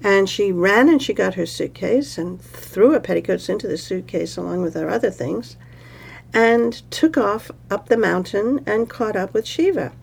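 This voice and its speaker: A woman telling a myth aloud in a relaxed, conversational way, with pauses and fillers. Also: mid-range voice, creaky, breathy edge. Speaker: storyteller. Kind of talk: oral storytelling.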